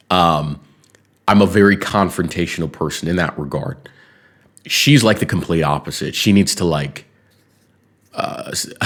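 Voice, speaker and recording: A young man chatting on a podcast, telling a rambling personal story full of fillers and restarts, often laughing as he talks. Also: sits low. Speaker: podcast talker. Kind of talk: casual storytelling chat.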